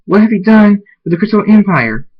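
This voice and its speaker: A man's voice: on the high side, moderate pace, lightly acted. A man reading the lines of an earnest young female unicorn pony in his own voice. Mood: urgent. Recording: muffled lo-fi recording.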